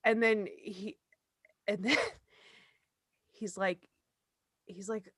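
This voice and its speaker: Co-hosting a podcast, a young adult woman tells a story casually, performing the quotes and swearing a lot. She speaks slowly with frequent pauses, in a mid-range voice with fairly even intonation and a fairly bright tone. It's studio quality, with no echo.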